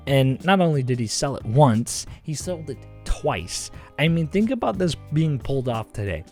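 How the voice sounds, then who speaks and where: Young male comedic host, mid-pitched, loose rambling delivery, jokes at himself. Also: big pitch swings, normal speed, a little mellow, soft background music. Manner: rambling, jokey, self-interrupting. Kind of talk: casual comedic storytelling.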